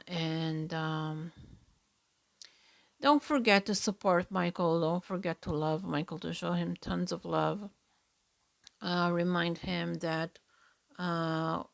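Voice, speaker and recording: A woman hosts her own podcast alone, speaking slowly and earnestly with a fair bit of vocal fry. Her voice sits a little low, and she chats along with fillers and the odd hushed aside. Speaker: podcast host. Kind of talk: casual solo reaction podcast.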